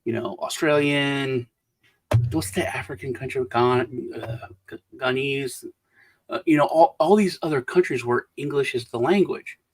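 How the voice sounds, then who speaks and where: A man's voice: medium pitch, unhurried, poor audio. A middle-aged man co-hosting a casual livestream chat, rambling with restarts and trailing off as he tells anecdotes. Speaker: co-host.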